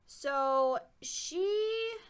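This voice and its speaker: A woman's voice: extremely high pitch, expressive, drawn-out words. A woman telling a story in a casual, rambling way, with wry asides about herself. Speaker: vlogger.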